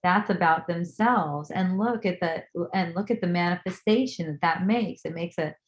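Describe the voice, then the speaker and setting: Animated woman storyteller in an echoey room. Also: fairly low pitch, moderate pace, muffled recording. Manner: animated, acts out quoted voices, swears casually. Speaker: spiritual teacher. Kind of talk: casual storytelling with life lessons.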